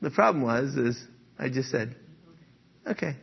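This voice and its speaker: A man's voice: on the high side, sing-song, normal speed, husky, dull audio. A man preaching a sermon in a conversational way, often checking in with "okay?" and "right?" and chuckling as he talks. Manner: chuckles often while speaking. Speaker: pastor.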